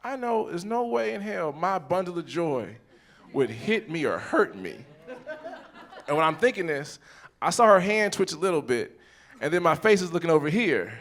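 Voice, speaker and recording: Animated, profane man in his forties. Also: a little high. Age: 40s. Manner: animated, profane, acts out scenes in quoted voices. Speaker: stand-up comedian. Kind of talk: live stand-up storytelling. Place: comedy theater stage.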